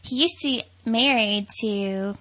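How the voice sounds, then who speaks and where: A woman's voice: fairly high pitch, unhurried, pushed and bright, poor audio. A woman with a Southern US accent, co-hosting a podcast in casual chat, talkative and teasing. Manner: chatty, teasing, laughs often. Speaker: podcast co-host.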